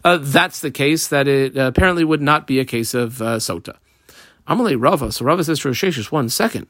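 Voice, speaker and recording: A man teaching a Talmud class page by page, reading Aramaic terms and explaining them quickly in English. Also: mid-range voice, fairly bright tone, dry recording, studio quality.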